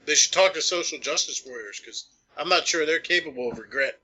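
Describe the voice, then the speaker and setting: Man, podcast guest, blunt, crude, bright sharp voice, stammers a bit. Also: a little high, brisk, slightly rough. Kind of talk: casual political chat.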